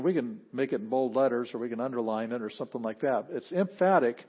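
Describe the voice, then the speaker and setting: A man's voice: mid-range voice, fairly quick, breathy edge, lo-fi sound. A man teaching an introductory Greek class, explaining step by step and often restarting his phrases. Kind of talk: classroom lecture.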